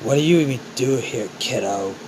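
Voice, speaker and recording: A man's voice: mid-range voice, expressive, normal speed, noisy background, lightly acted. A man voicing a stern villain mentor who mocks and scolds his former apprentice, calling him kiddo. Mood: taunting. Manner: mocking, scolding, calls the boy kiddo.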